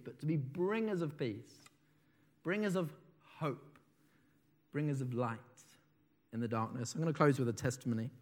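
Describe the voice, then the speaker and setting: A man preaching a sermon, swinging between loud declarations and soft, slowed phrases, and reading a testimony aloud with feeling. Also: on the high side.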